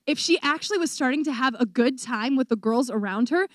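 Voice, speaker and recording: High-voiced young woman telling an animated testimony. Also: fairly quick, dry recording, studio quality. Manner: animated storytelling, acts out quoted voices. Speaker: missionary speaker. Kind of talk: testimony talk to a church audience.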